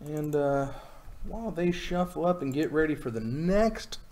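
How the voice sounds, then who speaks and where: A man's voice: fairly high pitch, expressive, measured pace, darkish tone. A man giving casual live commentary on a card game stream, chatty and rambling with many fillers and jokey asides. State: has the hiccups.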